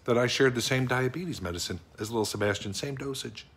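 A man's voice: medium pitch, fairly quick, fairly bright tone, husky. A middle-aged man playing a bumbling, sweet office worker in an improvised comic monologue, rambling and fretful as he talks to an unseen wife. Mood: sentimental. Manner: rambling, fretful, easily choked up.

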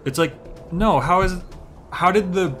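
Faint music plays behind a young man with a high, slightly bright voice as he streams a game. He chats unhurriedly and rambles, leaning heavily on filler words.

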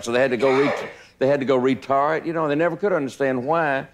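An older man chiming in with his own excited part of a shared story. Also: medium pitch, fast talker, a little hiss or hum. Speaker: former entourage member telling stories. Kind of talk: casual storytelling.

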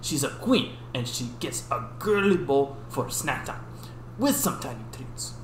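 A man's voice: medium pitch, lively intonation, measured pace, echoey room, slight background noise. A man co-hosting a casual mail-opening video, reading fan letters aloud in a playful way. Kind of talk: casual chat.

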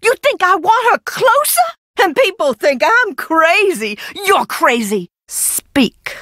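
Sardonic, unhinged young heiress. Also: female voice, mid-range voice, sing-song, a little slow, fairly bright tone, dry recording, clean studio sound, exaggerated voice. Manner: sardonic, theatrical, swinging between taunts and outbursts. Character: eccentric, mocking young woman hiding in an old mansion. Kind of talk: video game voice acting.

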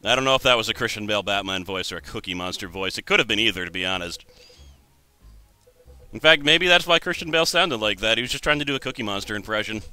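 A young man talks through a video game with a sharp, very bright tone, making dry jokes and thinking out loud. His voice sounds dry and close, with faint music underneath. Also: lowish voice, animated, fast talker, smooth, dry recording. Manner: wry, thinks aloud, jokes at himself. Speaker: let's play host. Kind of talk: gameplay commentary.

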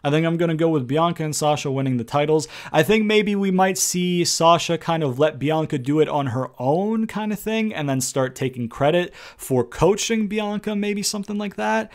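A man's voice: fairly high pitch, normal speed, few pauses. A man giving a casual, rambling spoken commentary as a wrestling predictions vlogger, blunt and profane, with sarcastic jabs and frequent restarts.

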